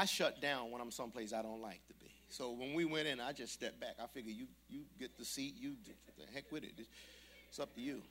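Man preaching, gravelly, bright and forceful, storytelling sermon, acts out voices, mutters then shouts. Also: medium pitch, a little hiss or hum. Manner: acts out other people's voices in his story.

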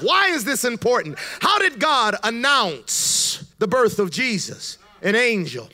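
A man preaching a sermon, building from quiet explanation to shouted emphasis with call-and-response. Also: very high voice, very animated, unhurried, hardly any pauses.

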